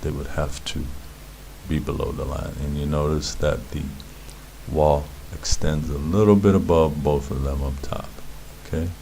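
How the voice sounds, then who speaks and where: A man's voice: a bass voice, fairly even intonation, measured pace, gravelly, dark tone, a little hiss or hum. A man teaching beginners Hebrew letters, patiently repeating words and sounds as he explains. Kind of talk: instructional explanation.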